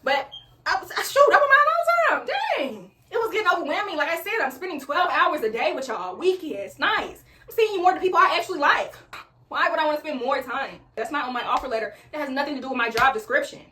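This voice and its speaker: A woman's voice: high-pitched, expressive, quick pace, bright, forceful tone, recorded from a distance, a little hiss or hum. A young woman, chatting casually as she tells a workplace story while doing her makeup, calling her viewers y'all and bro. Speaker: vlogger telling a workplace story.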